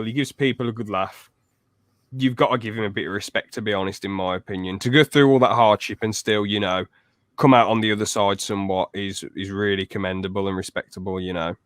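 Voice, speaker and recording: Chatty young podcast host. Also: male voice, on the low side, no room sound, studio quality. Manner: lively storyteller who acts out loud quotes. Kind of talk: casual chat.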